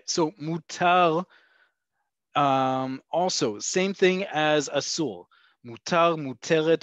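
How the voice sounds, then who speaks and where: Male language teacher, mid-pitched, patient and methodical, dry dull webinar sound. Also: no room sound. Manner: patient, explains step by step with frequent "okay" and "right?". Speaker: Hebrew teacher. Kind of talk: online language lesson. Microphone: video call.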